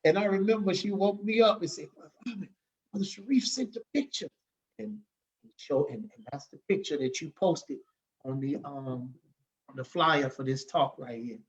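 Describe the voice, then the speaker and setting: A man's voice: fairly high pitch, normal speed, low-quality recording. A man speaking as a podcast guest, giving an emotional personal testimony, fired up and emphatic, often adding "man" to his sentences.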